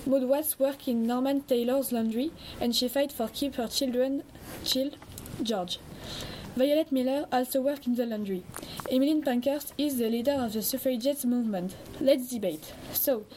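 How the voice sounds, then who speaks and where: A woman's voice: high voice, normal speed, darkish tone, a little hiss or hum, natural voice, poor audio. A young woman playing a polite female radio presenter who moderates a debate in a school role-play, reading formally from a script. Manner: formal, reading from a script, non-native phrasing.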